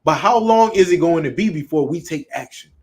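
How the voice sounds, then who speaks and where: A man's voice: a little high, expressive, fairly quick. A man with a Southern US accent preaching bluntly and emphatically, with frequent profanity. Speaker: street preacher. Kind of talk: preaching talk.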